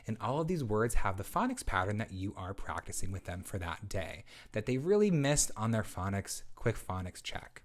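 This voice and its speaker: Lively low-voiced man explaining reading routines. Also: moderate pace, few pauses. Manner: step-by-step explanatory, modeling teacher prompts. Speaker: literacy researcher teaching parents. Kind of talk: instructional webinar presentation.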